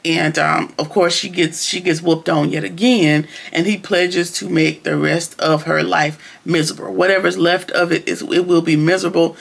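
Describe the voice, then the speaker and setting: Male TV reviewer, high voice with a gravelly edge, loose and chatty, recaps plot in casual slang. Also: flat delivery, moderate pace, hardly any pauses, fairly bright tone. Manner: rambling, chatty, slangy with frequent restarts. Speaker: TV episode reviewer.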